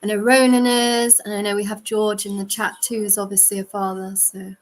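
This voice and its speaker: A woman's voice: medium pitch, little pitch movement, a little fast, low-quality recording. Polite, hesitant woman on a video call. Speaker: round table participant. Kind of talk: online panel discussion.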